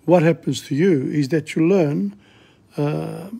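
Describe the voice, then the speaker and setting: Guy going thru vocab list real slow, mellow kinda husky voice, keeps repeating words. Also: a little high. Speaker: language teacher. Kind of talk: casual vocabulary lesson.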